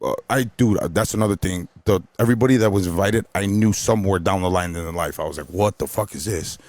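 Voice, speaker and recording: A man from Chicago telling a story on a podcast in an animated, profane way, full of "bro" and "you know". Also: deep voice, fast talker, no echo. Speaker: DJ guest.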